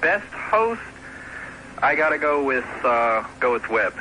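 A man's voice: mid-range voice, big pitch swings, takes it slowly, bright, forceful tone, slight background noise, poor audio. A man calling in to a radio talk show, rambling and chuckling as he picks his nominations. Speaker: caller. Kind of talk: phone-in chat.

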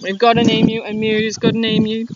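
An Australian woman, a primary school teacher, reading a picture book aloud to young children in a playground, speaking warmly and encouragingly. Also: a little high, completely flat delivery. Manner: warm, encouraging, slow and clear. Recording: dull lo-fi with wind noise outdoors.

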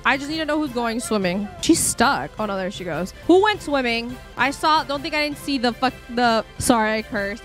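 A woman's voice: a little high, lively intonation, measured pace, hardly any pauses, faint music behind. Chatty young woman streaming a game. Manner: chatty, scattered, self-talking with frequent fillers. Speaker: streamer playing a life-sim game. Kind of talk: casual live-stream commentary.

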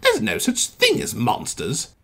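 A man's voice: high voice, huge pitch swings, a little slow, gravelly, fairly bright tone, pitched above the performer's own voice, heavily acted. A man voicing a dismissive male engine who scoffs, in a fan storybook reading. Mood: scoffing.

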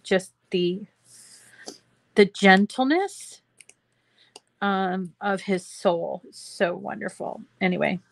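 Slow, chatty woman hosting a craft show. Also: medium pitch, gravelly, no echo. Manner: chatty and rambling, many fillers, talks to viewers. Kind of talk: casual craft tutorial livestream.

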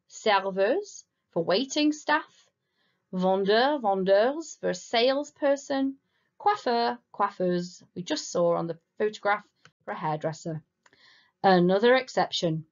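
A woman teaching a recorded school French lesson, explaining patiently and slowing down to say the French words clearly. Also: medium pitch. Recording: slightly dull lo-fi recording.

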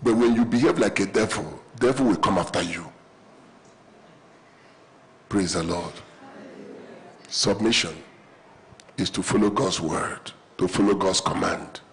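A man's voice: low-pitched, unhurried, long pauses, poor audio. A man preaching a sermon in a church auditorium, telling humorous stories and calling the congregation to respond. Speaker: pastor.

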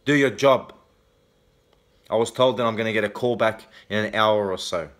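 A man's voice: fairly low pitch, steady tone, quick pace, a bit bright. A man with an Australian accent ranting angrily to camera in a video blog, swearing heavily and ending points with a challenging "okay?". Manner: heavy swearing, repeated "okay?" tags. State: angry. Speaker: vlogger. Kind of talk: angry confrontational rant to camera.

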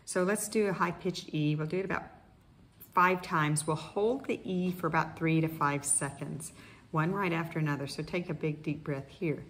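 A middle-aged woman speech therapist calmly leading guided voice exercises, pausing with frequent fillers. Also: low voice, background noise. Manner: calm instructional, with many fillers. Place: indoors in Costa Rica, wind outside.

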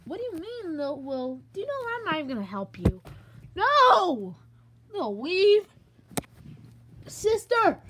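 A woman voicing characters in her own amateur animation, yelling insults and yelping in a hammy way. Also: very high-pitched, very animated, a little slow, pauses often, slight background noise. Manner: shrieking insults and yelps, hammy.

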